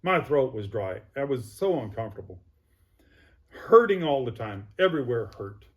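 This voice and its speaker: A man at a middle pitch recounts his own story as an interview guest. He talks in a plainspoken, vivid way and walks the listener through each step. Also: sing-song, normal speed. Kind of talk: personal recovery story.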